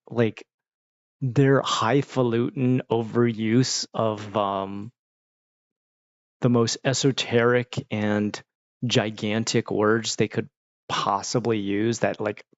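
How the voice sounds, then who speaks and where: A man in his thirties chatting casually as a host, animated and profane, often breaking into exaggerated voices. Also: fairly low pitch, vocal fry, dry recording. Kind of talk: casual rambling chat. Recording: dull lo-fi dry sound.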